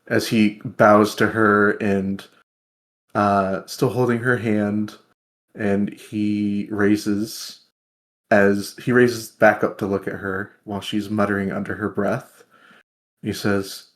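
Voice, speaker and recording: Slow, soft-spoken man narrating. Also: on the low side, level tone. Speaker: tabletop game player. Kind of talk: narrating his character's actions.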